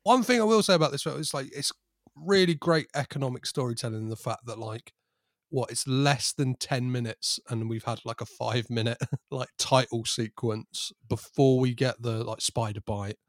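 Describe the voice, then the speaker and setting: A man on a film podcast, retelling scenes in an animated way and laughing mid-sentence. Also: mid-range voice, moderate pace, dry recording, clean studio sound. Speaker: podcast panelist. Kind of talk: casual film chat.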